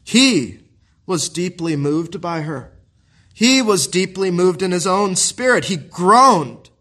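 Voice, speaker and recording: A man's voice: high voice, lively intonation, slow pace, sharp tone. A man preaching a sermon in an earnest, pastoral way, often asking the listeners rhetorical questions.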